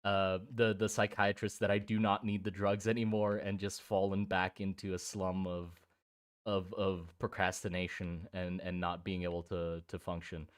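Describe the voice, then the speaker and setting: Young man, from Germany and Thailand, low-pitched, rambling casual stream chat, restarts and swearing. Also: level tone, normal speed. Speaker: streamer drawing miniatures.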